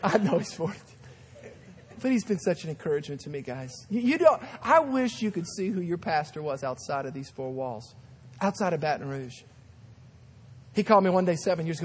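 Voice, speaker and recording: A man's voice: on the high side, very animated, a little fast, breathy edge. A man in his thirties preaching a sermon as a guest pastor, telling stories dramatically with acted-out voices. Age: 30s. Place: large church sanctuary. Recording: long hall reverb.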